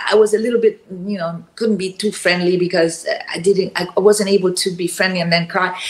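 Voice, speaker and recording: A woman chatting as an interview guest, animated and quick to laugh. She acts out the people in her story. The room around her is noticeably echoey. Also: medium pitch. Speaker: guest actress. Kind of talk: casual interview chat.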